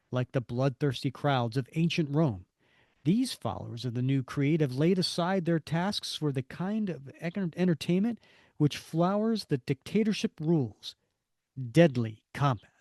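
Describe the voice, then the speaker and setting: A man's voice: a little high, expressive, normal speed, a little mellow, no room sound, clean studio sound. A man co-hosting a podcast, reading comic narration and dialogue aloud. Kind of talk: comic book read-through podcast.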